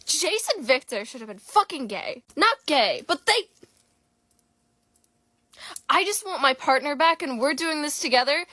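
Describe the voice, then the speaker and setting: A woman talking into her phone camera late at night, rambling and swearing with raw emotion. Her slightly high voice rises and falls a lot. The sound is close and dry. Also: bright, forceful tone, no room sound. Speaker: content creator. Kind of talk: late-night casual vlog.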